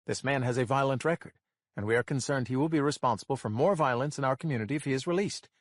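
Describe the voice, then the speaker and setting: A man's voice: mid-range voice, fast, no echo, studio quality, close to an everyday voice. A man voicing an earnest male prosecutor pressing his case in court.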